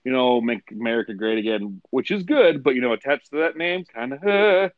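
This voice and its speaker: Young male sidekick, lively, swears, muffled lo-fi mic. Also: medium pitch, fairly quick, dry recording. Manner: laid-back, eggs on the jokes, swears. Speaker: podcast co-host. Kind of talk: casual joking chat. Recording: dull lo-fi sound.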